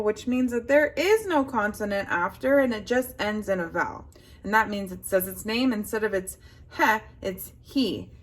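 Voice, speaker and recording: A woman with a slightly high voice leads a phonics lesson for young children. She sounds out each word slowly and clearly, then pauses to prompt her pupils for an answer. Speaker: teacher.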